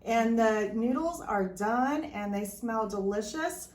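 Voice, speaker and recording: A woman's voice: on the high side, expressive, takes it slowly, a little mellow. A middle-aged woman hosting a casual cooking vlog, chatty and upbeat, talking straight to viewers. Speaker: vlog host. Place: home kitchen. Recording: echoey kitchen room.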